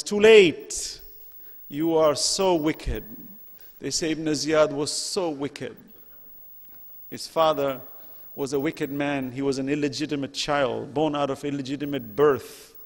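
A man giving an emotional religious lecture, building to loud questions and sinking to hushed, near-whispered passages. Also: a little high, in a large hall.

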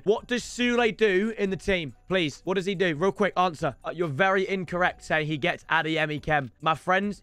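A young man chats away while he plays a football game live, forever calling out to the lads. His voice sits high and sounds bright and crisp. The recording is dry and close. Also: dry recording. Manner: chatty and playful, keeps addressing viewers as lads and boys. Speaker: streamer. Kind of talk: gaming livestream commentary.

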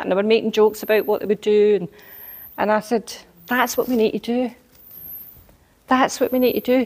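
A woman preaching a sermon, telling a personal story and building into emphatic exhortation. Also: medium pitch.

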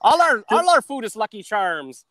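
A man's voice: sits high, very animated, moderate pace, fairly bright tone. A man riffing as a guest comedian on a video call, rambling and self-deprecating, calling in by phone from outdoors in a park. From Canada.

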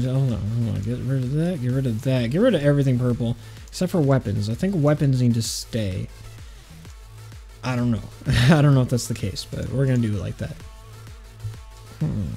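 A gaming channel host with a fairly high, dark-toned voice rambles casually while playing a video game. He jokes around and keeps interrupting himself with "hold on."

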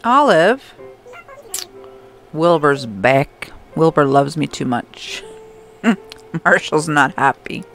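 A woman's voice: low voice, animated, very slow, long pauses. A young adult woman casually commenting on her gameplay, chatting to game characters and laughing often. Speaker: gameplay streamer. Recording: faint background music.

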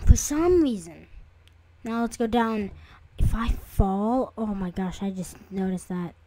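A woman's voice: mid-range voice, unhurried, warm tone, a little hiss or hum. A young woman chatting through a game as she plays it, talking to her viewers and jumping into startled squeals. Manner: chatty, jumpy, easily startled, with sudden squeals. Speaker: gaming video creator. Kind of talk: casual let's-play commentary.

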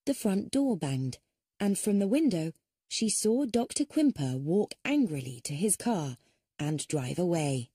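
A woman narrating a mystery audiobook in a steady storytelling manner. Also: on the low side, measured pace, breathy edge, dry recording, clean studio sound. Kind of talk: scripted narration.

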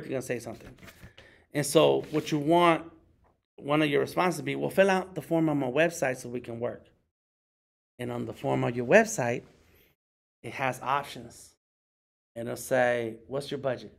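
With a gravelly, fairly bright voice, a middle-aged working artist gives a relaxed workshop talk. He stays conversational, slipping into high, jokey voices to act out other people.

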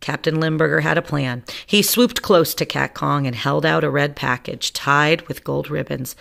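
Low gravelly woman reading a storybook. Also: moderate pace, few pauses. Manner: playful, lively read-aloud. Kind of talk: reading a children's picture book aloud.

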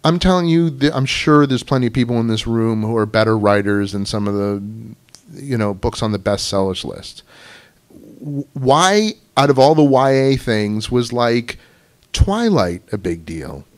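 A man's voice: medium pitch, animated, normal speed. A man as guest speaker at a writers club, telling anecdotes in a casual, chatty way full of "you know". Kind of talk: casual storytelling talk to an audience. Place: club meeting room.

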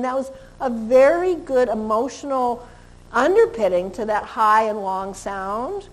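A woman with a fairly high voice teaches a live seminar on dog behavior. She is animated and talkative, and she imitates sounds as she goes. She often turns to the audience with questions. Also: moderate pace.

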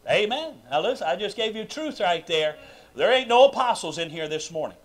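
A man preaching a sermon in a church sanctuary, emphatic and full of questions to the congregation, swinging between loud bursts and quiet asides. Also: high voice, big pitch swings, fairly quick. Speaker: pastor. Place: church sanctuary during a live service.

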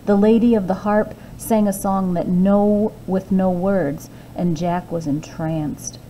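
Librarian lady reading a kids fairy tale, slow and expressive, soft hushed asides. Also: mid-range voice, slight background noise, rough recording. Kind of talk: children's storybook reading.

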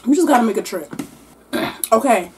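A woman hosting a mukbang-style book wrap-up, talking between mouthfuls. Her voice sits on the higher side. She is animated and full of exclamations. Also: normal speed, slight background noise. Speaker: book vlogger.

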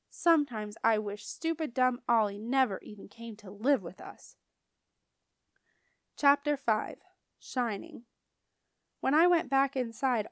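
A woman reading a children's book aloud with lively first-person child narration. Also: a little high, no room sound, studio quality. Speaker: storybook reader.

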